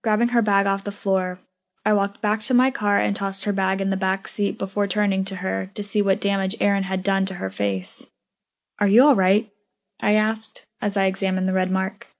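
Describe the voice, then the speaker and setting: A woman's voice: mid-range voice, level tone, normal speed. Woman narrating a first-person audiobook.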